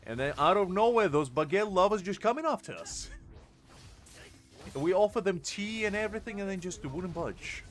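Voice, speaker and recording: Streaming a game, a young man rambles and jokes in casual chat with his viewers, calling them by name as he responds. His voice sits high with lively intonation, at normal speed.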